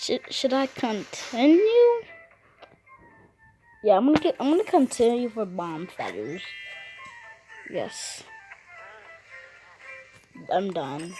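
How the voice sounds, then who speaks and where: A woman's voice: on the high side, big pitch swings, takes it slowly, pauses often, warm tone, soft background music, rough recording. A woman giving casual, playful commentary while playing a game, talking to the characters and cracking puns. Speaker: gamer.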